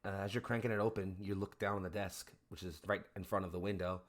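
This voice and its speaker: A man's voice: low voice, steady tone. A man narrating a tabletop role-play game as game master, describing scenes at length. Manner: slow, descriptive.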